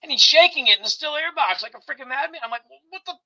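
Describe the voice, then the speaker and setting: A man chatting casually as co-host, laughing often and ranting excitedly through his stories. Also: extremely high pitch, very fast, poor audio. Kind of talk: casual chat.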